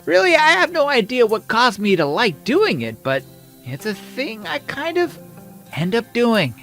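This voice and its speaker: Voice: mid-range voice, huge pitch swings, unhurried, fairly bright tone, faint music behind, full character voice. A performer voicing a chatty little boy rabbit. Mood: playful. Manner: chatty and playful, says y'all, laughs often. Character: small young boy rabbit, curious and playful.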